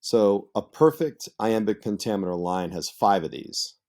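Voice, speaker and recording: A man's voice: lowish voice, animated, unhurried, a little mellow. A man teaching a literature lesson in a conversational, explanatory way, with frequent fillers and asides. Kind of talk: explanatory lecture.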